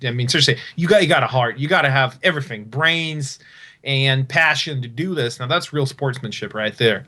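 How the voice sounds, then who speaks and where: A man commentating a live esports tournament, excitable, laughing easily and filling gaps with fillers. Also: a little high. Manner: rapid play-by-play calls.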